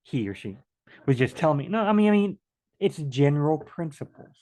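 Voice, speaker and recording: A man's voice: a little high, sing-song, a little fast, a little mellow. A man teaching a casual bible study from home, rambling and acting out little back-and-forth dialogues.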